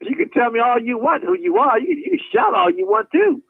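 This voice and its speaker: A man's voice: very high voice, animated, fairly quick, vocal fry, dry recording. A man speaking as a guest on a talk show, preaching with passion and acting out little scenes in different voices. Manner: preacherly, acts out scenes with many voices, laughs often. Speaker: guest activist. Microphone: phone call. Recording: tinny phone line, dry.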